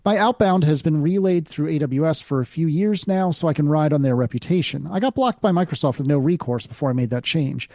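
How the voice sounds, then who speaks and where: Slightly high-voiced man reading listener mail. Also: a little fast, hardly any pauses, a little mellow, dry recording, studio quality. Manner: reads listener emails aloud, stumbles and restarts, laughs at himself. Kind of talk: casual tech chat.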